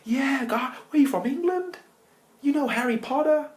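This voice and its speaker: An English man voicing friendly local American bikers in a loud, high, drawling put-on voice. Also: moderate pace.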